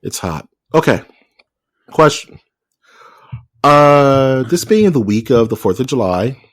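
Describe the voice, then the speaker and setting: A man's voice: medium pitch, animated, moderate pace. A man co-hosting a podcast in loose, joking casual chat, with many restarts. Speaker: podcast co-host.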